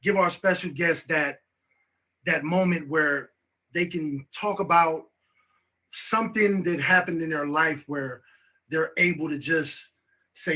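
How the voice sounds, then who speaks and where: Male talk host, bright and husky, slightly high voice, easygoing filler-heavy delivery. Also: slow. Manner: loose, repeats "you know what I'm saying". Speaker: show host. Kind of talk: casual talk-show hosting.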